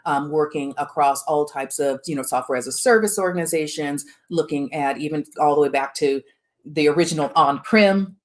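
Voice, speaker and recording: A woman's voice: low voice, normal speed. A middle-aged woman giving a live workshop talk, frank and emphatic, with many fillers and restarts. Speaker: workshop speaker on the chief of staff role.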